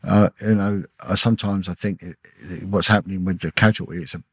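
A middle-aged man, a former detective, telling an emotional personal story in a halting way, repeating words and acting out what people said. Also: sits low, fairly even intonation, husky, dry recording. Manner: halting, repeats words, acts out quoted dialogue. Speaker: podcast guest, former police detective.

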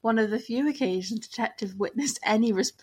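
A woman's voice: a little high, fairly quick, a little mellow, slightly rough. Young woman reading true crime. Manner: reads case notes, breaks into laughter and swearing. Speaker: podcast co-host. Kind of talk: casual true-crime chat.

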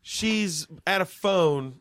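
An excitable man chatting casually about a movie, his voice sitting a little high for a man. He swears freely and laughs easily as he recaps scenes. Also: drawn-out words. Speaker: podcast co-host. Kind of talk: casual chat reviewing a movie.

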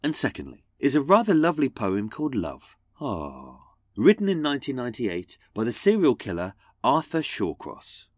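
Mocking male narrator, lively pitch. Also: normal speed, no room sound. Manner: mocking, theatrical. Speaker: podcast host. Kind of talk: sarcastic scripted narration.

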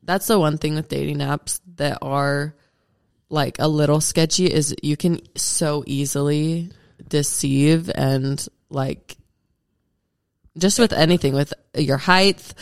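A young woman co-hosting a podcast, chatting casually and reacting quickly. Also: low-pitched, steady tone, creaky, no echo, studio quality. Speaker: podcast co-host. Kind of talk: casual chat.

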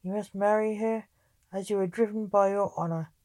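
A woman's voice: medium pitch, fairly even intonation, normal speed, warm tone, no echo, natural voice. A woman voicing a stern male nobleman who insists firmly.

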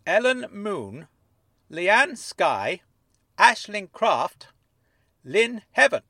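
A man voicing an eager, excitable man who talks high, loud and pressing. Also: brisk, gravelly, no echo, studio quality, heavily acted.

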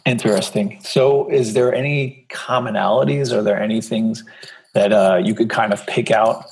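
A man's voice: on the low side, steady tone, normal speed, a little mellow, low-quality recording. A man hosting a podcast interview, reading a scripted introduction and then chatting with his guest in a friendly way. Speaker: podcast host. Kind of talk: conversational interview.

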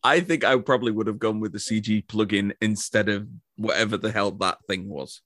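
Sardonic man with a low voice. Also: brisk, fairly bright tone, no room sound, clean studio sound. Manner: sardonic, mocking, swears. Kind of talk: casual movie-riffing chat.

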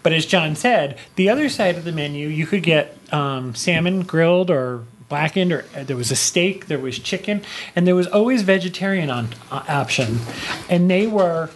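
A man's voice: on the high side, animated, moderate pace, slight background noise. A man co-hosting a casual travel podcast, chatty and teasing as he tells his stories. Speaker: podcast co-host, travel agent.

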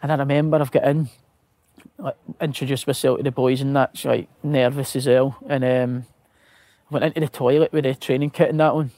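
A man's voice: medium pitch, level tone, brisk, mellow, no room sound. A Scottish man, a footballer guest, telling anecdotes with laughter, swearing and acted-out quotes. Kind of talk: casual storytelling.

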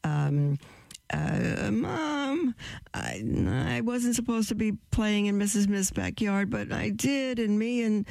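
A sheepish young boy confessing to his mother, high and halting, with a creaky edge to the voice, as a man puts him on. The sound is dry and close. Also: lively intonation, a little mellow, dry recording, exaggerated voice.

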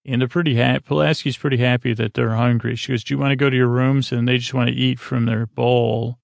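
Gravelly, low-key man rambling through a recap. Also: flat delivery, dry recording. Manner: halting, meandering, full of fillers and restarts; low-key, sleepy delivery. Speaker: podcast host recapping an episode.

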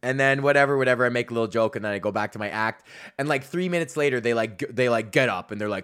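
A male comedian who hosts his own podcast rambles through a stage story in a middle-pitched voice. He swears nonstop, chuckles at his own jokes, and slips into quick impressions of the people he describes. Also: expressive, a bit bright. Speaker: podcast host, stand-up comedian. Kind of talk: casual profane storytelling monologue.

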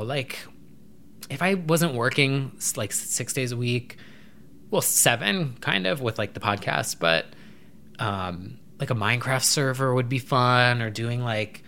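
A young adult man vlogging to camera, rambling in an animated, casual way with occasional swearing. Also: medium pitch, gravelly.

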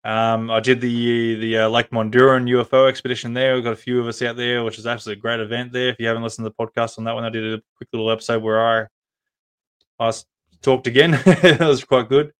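A man's voice: medium pitch, level tone, quick pace, fairly bright tone, smooth. A man with an Australian accent hosting a podcast live stream, chatting casually and rambling with many ums and restarts. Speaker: podcast host.

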